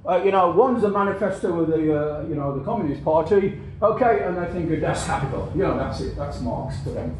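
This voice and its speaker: A man's voice: fairly high pitch, animated, fairly quick, hardly any pauses, darkish tone, slight background noise. A man giving a spoken lecture in a rambling way, repeating words and often checking in with "okay?". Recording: very echoey room.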